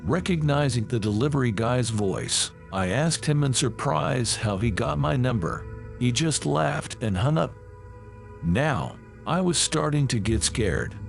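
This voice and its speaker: A man reading a first-person horror story as scripted narration, with lively, dramatic delivery. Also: mid-range voice, creaky.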